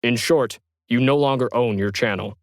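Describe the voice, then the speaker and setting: A man's voice: medium pitch, normal speed, no echo, studio quality, lightly acted. A man voicing an authoritative male company representative delivering formal news in an audio story.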